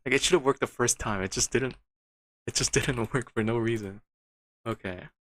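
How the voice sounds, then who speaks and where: A man's voice: mid-range voice, normal speed, a bit bright. A man streaming a game, muttering to himself with frustrated, disbelieving outbursts. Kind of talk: casual gameplay commentary.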